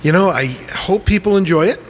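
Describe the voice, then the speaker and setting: Man, podcast host, casual chat, playful, rambling, highish voice, soft background hiss. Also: brisk. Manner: laughs often, rambling and playful.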